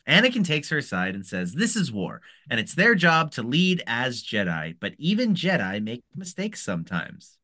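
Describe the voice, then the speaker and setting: Man, podcast co-host, lively pitch, excitable and rambling. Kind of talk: casual recap chat.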